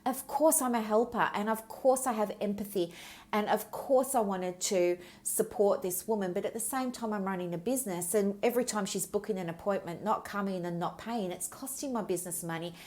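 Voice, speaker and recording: A woman's voice: medium pitch, brisk, a little mellow. A middle-aged woman hosting a solo podcast, telling a story from her practice in a candid, chatty way and drifting onto tangents. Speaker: podcast host and business mentor.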